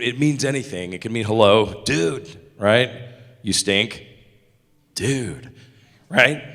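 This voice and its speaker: Energetic man hosting a workshop. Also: mid-range voice. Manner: energetic, encouraging, chatty. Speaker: voice acting workshop host. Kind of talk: convention panel talk. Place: convention panel room. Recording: echoey convention hall.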